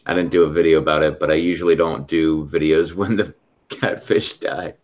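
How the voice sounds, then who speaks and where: A man hosting a relaxed casual chat, laid-back and chuckling now and then as he talks. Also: very deep voice, a little fast, muffled recording. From Pittsburgh area. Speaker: host.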